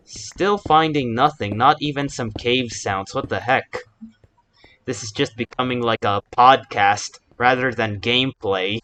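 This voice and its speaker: A man's voice: on the low side, a bit bright, slight background noise. A man giving casual, rambling commentary while he plays a video game, often correcting himself and wandering into asides. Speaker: gaming YouTuber. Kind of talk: casual Let's Play commentary.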